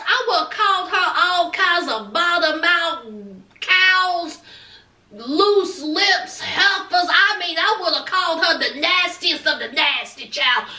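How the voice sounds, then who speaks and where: Dramatic woman ranting bout a tv show, slow and bright, echoey room. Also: very high voice, distant mic. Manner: sassy, dramatic, scolding with slang. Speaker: TV recap vlogger. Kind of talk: reality TV recap commentary.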